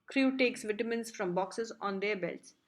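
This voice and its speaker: A woman reading the stage directions of a play as an audiobook narrator, clear and even. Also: mid-range voice, a little slow.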